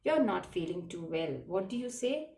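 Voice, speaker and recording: A woman's voice: on the low side, sing-song, moderate pace, warm tone, far from the mic. A woman teaching children a lesson in a patient classroom manner, repeating words and spelling them letter by letter. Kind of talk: slow classroom lesson explaining French words. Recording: roomy echo, voice from away from the mic.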